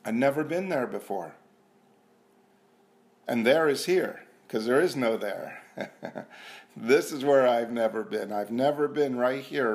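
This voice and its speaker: A man giving an earnest, self-mocking personal testimony at a recovery meeting, repeating himself and sometimes dropping to a hushed voice. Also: mid-range voice, expressive, slow pace, long pauses. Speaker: speaker sharing at a recovery meeting. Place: meeting room.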